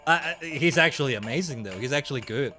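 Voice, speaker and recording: A man streaming a video game, gushing excitedly with stumbling restarts. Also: medium pitch, fast, soft background music. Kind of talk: casual live gameplay reactions.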